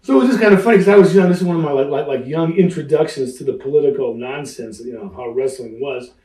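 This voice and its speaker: Animated storytelling man in a roomy space. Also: fairly high pitch, fast. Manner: animated storyteller who acts out quoted voices; laughs through his stories. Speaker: interview guest, wrestling veteran. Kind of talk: storytelling shoot interview. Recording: roomy sound, mic at a distance.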